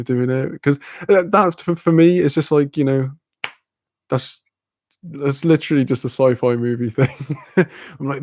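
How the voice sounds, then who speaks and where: Gravelly British guy chatting casually. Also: medium pitch, a little mellow, no room sound, clean studio sound. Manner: rambling, laughs often, swears casually. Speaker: streamer chatting with viewers. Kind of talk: casual chat.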